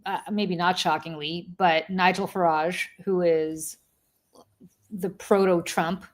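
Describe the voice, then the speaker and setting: A woman with a slightly low voice co-hosts a casual talk stream. She talks current affairs in an opinionated way, padding her points with "um" and "like.". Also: steady tone, slow pace. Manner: opinionated, hedging with fillers. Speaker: co-host of a live chat show.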